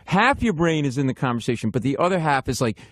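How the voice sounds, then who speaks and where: A man who is a stand-up comedian, telling a casual anecdote as a podcast guest in an animated, profane way. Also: medium pitch, quick pace, dry recording. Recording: dry studio sound.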